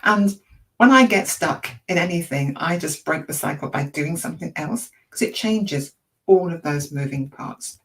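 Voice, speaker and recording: A woman with a croaky, gravelly voice teaches in a relaxed, chatty way, tossing out rhetorical questions to encourage her listeners. She sits somewhat back from the microphone. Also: low voice, moderate pace, distant mic, rough recording. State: croaky throat. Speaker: emotional intelligence coach. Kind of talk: informal teaching talk to an online audience.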